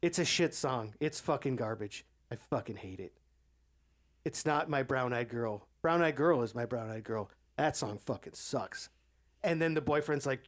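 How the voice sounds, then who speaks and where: Male podcast co-host, slightly high voice, lively storyteller who swears a lot and acts out quotes. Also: normal speed. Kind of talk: casual storytelling chat.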